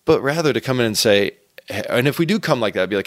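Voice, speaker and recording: A man with a fairly low voice answers as a pastor and guest in earnest, gentle tones. He often stops and restarts mid-phrase as he works through his thoughts. The sound is close and dry, with no room around it. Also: fast, no room sound. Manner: earnest, gentle, with frequent restarts and repeated words. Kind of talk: conversational interview answers.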